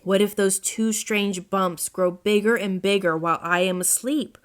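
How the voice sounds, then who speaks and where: A woman voicing a fussy, excitable male owl as she reads a children's storybook aloud. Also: moderate pace, close to an everyday voice. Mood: fretful. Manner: high, fretful storybook voice.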